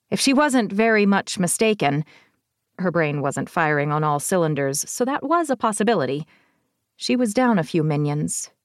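A woman narrating a fantasy novel as an audiobook in a measured, steady reading. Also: on the low side, no room sound, studio quality. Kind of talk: scripted fiction narration.

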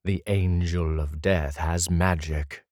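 A man voicing a calm, firm male rescuer in an audiobook, measured in manner. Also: low-pitched, no echo, studio quality. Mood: grave. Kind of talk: audiobook character voice.

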